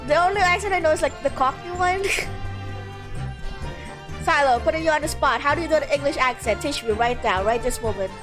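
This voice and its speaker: A woman's voice: high-pitched, normal speed, pauses often, over music. Giggly chatty woman streamer. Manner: giggly, chatty, talks to chat and friends. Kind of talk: casual chat while playing a game.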